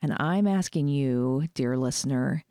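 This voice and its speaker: A woman's voice: a bass voice, a little slow, clean tone, no room sound. Chatty woman podcast host, dry studio mic. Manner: warm, chatty, laughs easily. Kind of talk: casual podcast chat. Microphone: studio microphone.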